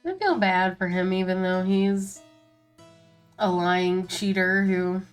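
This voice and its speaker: A woman streamer thinks aloud as she plays, in casual and offhand talk. Her voice sits low. Game music is clearly heard behind her. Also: takes it slowly. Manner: musing aloud, reading options. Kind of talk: casual gameplay commentary.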